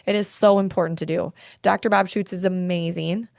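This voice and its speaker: This faith-based wellness podcast host has a low, gravelly, darkish voice and talks a little fast with fairly even intonation. Earnest and heartfelt, she frequently gets worked up. The audio is dry and studio quality.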